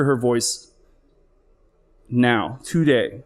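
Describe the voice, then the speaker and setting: A middle-aged man recounts a personal story before an audience, speaking candidly and earnestly. His voice sits at an ordinary middle pitch. Emotion rises and falls as he talks. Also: normal speed, a little mellow. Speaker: flight paramedic. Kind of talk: personal story told live on stage.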